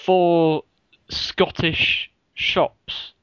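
A man's voice: a little high, little pitch movement, extremely slow, a bit bright, clear, resonant tone, dry recording. Man, podcast co-host, rambling and giggly; dull lo-fi recording with a dry sound. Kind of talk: casual chat.

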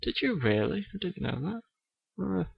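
A man hosting a comedy podcast interview, talking hesitantly with lots of ums and pauses. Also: high-pitched, very animated, creaky, slightly rough, dry recording. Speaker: podcast host. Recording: dull lo-fi recording.

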